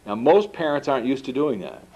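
A man giving a book talk, telling stories in an animated way and acting out the dialogue. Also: mid-range voice, brisk, slightly rough, poor audio. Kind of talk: storytelling lecture. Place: lecture room at an institute.

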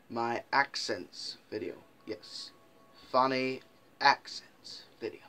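Bright-voiced rambling vlog man. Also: mid-range voice. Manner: rambling and jokey, with tangled wording. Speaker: YouTube host. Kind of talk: casual vlog chatter.

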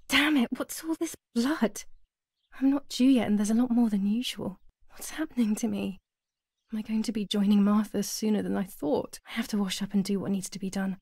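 A haunted young woman in a video game, talking to herself in an anxious, gravelly murmur. Her tone is dark and mellow. The sound is close and dry. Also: medium pitch, no echo.

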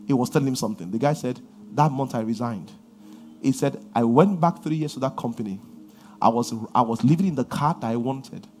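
Nigerian pastor preaching in a lively, swooping voice. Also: male voice, on the high side. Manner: preaching with sudden loud outbursts and quiet asides. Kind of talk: sermon.

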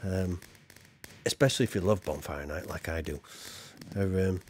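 A man's voice: low voice, normal speed, a little mellow, a little hiss or hum. A man chatting loosely as he streams a game, rambling with fillers. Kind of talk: live game stream chat.

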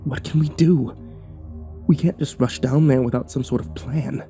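A man voicing a secretive woman spellcaster who speaks in a hushed, slow, deliberate way, in a horror story reading. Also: medium pitch, steady tone, soft background music, lightly acted. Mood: urgent.

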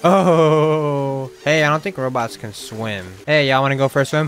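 A young man streaming a video game, reacting with slangy, excitable commentary and sudden loud outbursts. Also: mid-range voice, normal speed, soft background music. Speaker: gaming streamer. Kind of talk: let's play commentary.

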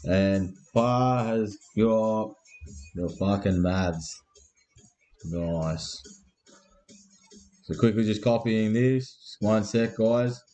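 A man's voice: on the low side, extremely slow, long pauses, warm tone, faint music behind. An Australian man hosting a live card break, with crude, laddish banter and constant swearing.

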